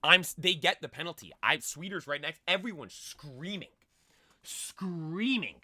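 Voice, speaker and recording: A young man streamer chatting casually, excitable and rambling, restarting his sentences again and again. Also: fairly high pitch, a little slow, dry recording, clean studio sound. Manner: excitable, rambling, full of "like" and "dude", many restarts.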